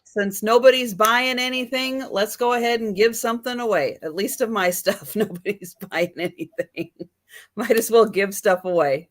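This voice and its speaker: A woman hosting a live online sale, counting down the bids and joking in a relaxed way. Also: medium pitch, moderate pace. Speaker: auctioneer host of live sale. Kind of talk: casual live auction hosting.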